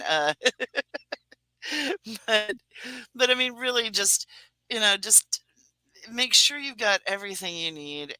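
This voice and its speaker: Bright-voiced woman guest, dry sound. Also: fairly low pitch, no echo. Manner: relaxed, with fillers. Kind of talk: casual chat.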